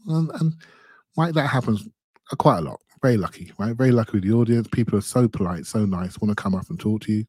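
Guy on a podcast, low warm voice, dry sound, earnest storyteller. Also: quick pace, slightly rough, no room sound. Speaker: podcast co-host. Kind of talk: casual podcast chat.

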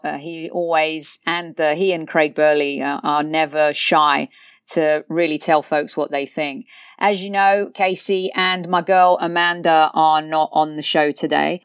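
A woman's voice: deep voice, smooth, no echo, studio quality. A woman hosting a football podcast, chatting casually with many fillers like "uh" and "you know". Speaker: podcast host.

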